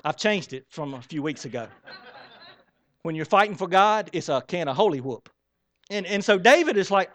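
A man preaching a sermon as pastor, animated and asking the congregation questions as he acts out the story. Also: high voice, moderate pace, no room sound. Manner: acts out Bible characters in quoted voices.

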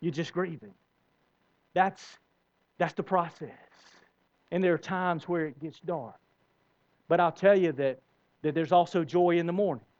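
A man's voice: fairly high pitch, measured pace, pauses often, a little mellow, dull audio. A man preaching a sermon as pastor, emphatic, with rising bursts and repeated words.

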